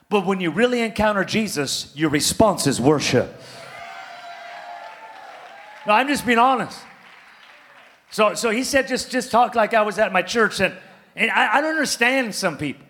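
Man, middle-aged, preacher, very high pitch, impassioned sermon, repetitive phrasing. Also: expressive, moderate pace, pauses often, some chatter behind. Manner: impassioned, repetitive, shifts between shouting and muttered asides.

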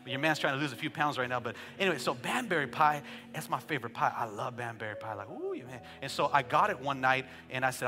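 A man in his thirties preaching a sermon as pastor, telling joking family stories and building to shouted calls for praise. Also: medium pitch, animated, quick pace, hardly any pauses, in a large hall, over music. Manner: joking asides, conversational storytelling.

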